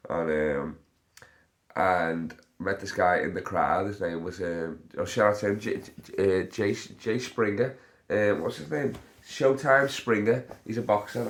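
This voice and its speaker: Young comedian host, low-pitched, rambling and profane, casual storytelling. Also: male voice. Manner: rambling, swears a lot, frequent fillers.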